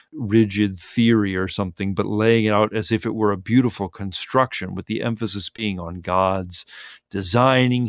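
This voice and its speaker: Guy pastor on a radio show, lowish voice, dry close sound, walking through the bible readings thoughtfully. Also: dry recording. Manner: thoughtful, explanatory, warmly appreciative of the text. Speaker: pastor, guest explaining Sunday readings. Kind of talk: radio interview, scripture commentary.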